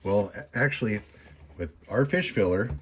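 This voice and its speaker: A man's voice: on the low side, animated, moderate pace, a bit bright, breathy edge. A man teaching taxidermy in a casual, rambling tutorial from his workshop, folksy and self-mocking. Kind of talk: casual how-to tutorial with jokes.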